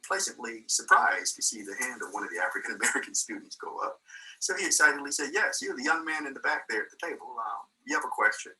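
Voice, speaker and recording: Older man, guest speaker, bright tone, distant mic, storytelling with small laughs. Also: on the low side. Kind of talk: motivational personal story.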